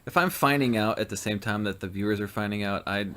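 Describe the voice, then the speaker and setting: A man's voice: lowish voice, fast talker, a bit bright. A young man co-hosting a casual podcast, laughing easily and reacting with dramatic exclamations. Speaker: podcast co-host.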